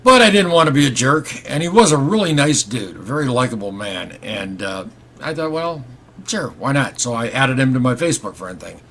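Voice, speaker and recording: A man's voice: mid-range voice, animated, a little fast, a bit bright, a little hiss or hum. A middle-aged man vlogging, telling a long story in a rambling, wry, conversational way and acting out the quoted dialogue. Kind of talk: casual storytelling to camera.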